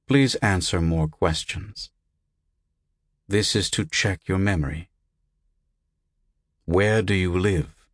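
Unseen clinical voice, toneless and measured, slow and dry, read by a male narrator. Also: low voice, no room sound. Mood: flat. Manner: flat, without intonation. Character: flat, toneless recorded voice of an unseen doctor. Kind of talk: audiobook character voice.

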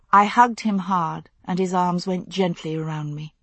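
With a husky voice that sits low, a woman narrates a novel aloud as an audiobook reader, keeping a steady, measured pace. Her scripted reading is close-miked and dry, free of any echo.

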